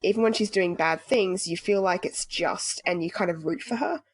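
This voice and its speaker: A woman's voice: fairly low pitch, moderate pace, husky, no room sound. A woman co-hosting a podcast, chatting casually and freely with lots of "like" and the odd swear word. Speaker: podcast co-host.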